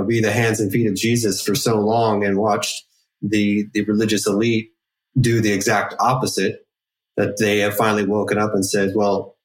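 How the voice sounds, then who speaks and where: Podcast host guy, lowish voice, kinda halting, sounds far off the mic. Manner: thoughtful, halting with restarts. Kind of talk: casual podcast chat. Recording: voice distant from the mic.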